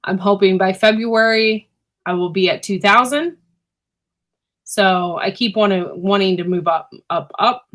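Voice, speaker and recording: Chatty woman clearing her throat. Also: medium pitch, a little slow, fairly bright tone. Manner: rambling, chatty, many fillers. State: keeps clearing her throat, irritated by pepper fumes. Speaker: livestream host and homesteader. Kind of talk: casual livestream chat. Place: indoors at home.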